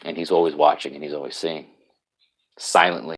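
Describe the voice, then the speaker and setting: An extremely low, slightly rough voice with a steady tone comes from a New York-accented live stream host. Speaking fairly quickly, he answers viewers' comments in casual, rambling talk marked by frequent restarts and repeated words.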